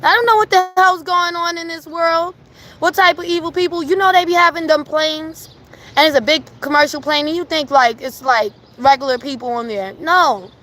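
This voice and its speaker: Animated high-voiced woman telling a story. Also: moderate pace. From New York. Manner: animated, emphatic storytelling with laughter. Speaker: live streamer. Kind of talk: casual storytelling on a livestream. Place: at home.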